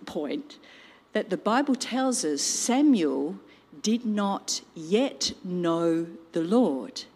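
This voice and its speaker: A woman telling a Bible story in an expressive storytelling style, with personal asides. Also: medium pitch. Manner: slow, animated storytelling with asides. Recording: long reverb.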